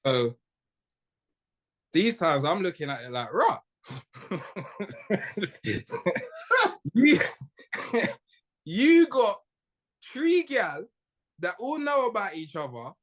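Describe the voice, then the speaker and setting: A man's voice: sits high, big pitch swings, drawn-out words, pauses often. A young man, co-hosting a podcast and riffing in a joking, slangy way. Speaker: podcast co-host. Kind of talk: casual chat.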